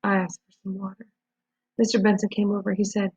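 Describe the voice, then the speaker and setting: A woman reads a novel aloud in a husky voice, keeping a steady storytelling pace with small slips and restarts. The recording is dull and lo-fi. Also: mid-range voice, brisk, no room sound. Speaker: reader.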